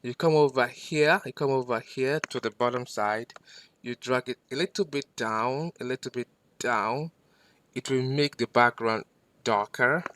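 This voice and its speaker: A man teaching a screen-recorded software lesson, patient and step by step, repeating himself with fillers. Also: mid-range voice, measured pace. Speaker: instructor.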